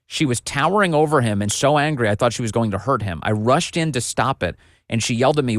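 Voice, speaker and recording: A man's voice: mid-range voice, expressive, fast talker, dry recording, studio quality. A man hosting a political commentary show, reading documents aloud with emphatic, sarcastic remarks and asides to viewers.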